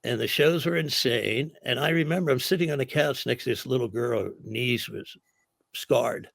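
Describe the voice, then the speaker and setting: Gravelly male raconteur, mid-pitch, dry booth sound, tells stories with voices. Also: moderate pace, fairly bright tone, dry recording. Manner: gravelly, dry storyteller acting out other people's lines. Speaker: comedian telling stories. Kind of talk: casual storytelling.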